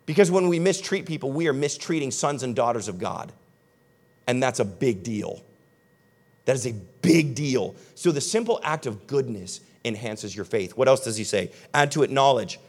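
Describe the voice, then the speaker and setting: A young man preaching a sermon as pastor, talking animatedly and conversationally, then dropping to soft, earnest tones. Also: medium pitch, expressive, moderate pace. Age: young adult.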